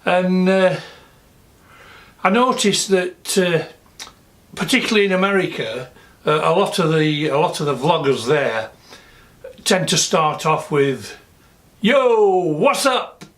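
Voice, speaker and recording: A vlogger from Sheffield with a Yorkshire accent, chatting casually and rambling with many fillers and restarts. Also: male voice, on the high side, fairly bright tone. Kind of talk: casual vlog chat. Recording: music playing behind.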